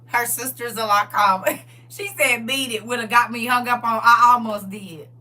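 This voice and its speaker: Animated, laughing middle-aged woman. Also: on the high side, normal speed, far from the mic. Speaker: live stream host. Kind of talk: casual chat.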